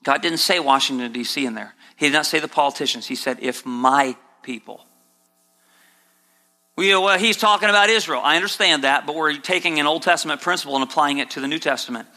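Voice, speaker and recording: Pastor guy preaching, high bright voice, lots of echo from a big hall. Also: fast, few pauses. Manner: preaching, swings between low earnest and high sarcastic mock quotes. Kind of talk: sermon. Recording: long hall reverb.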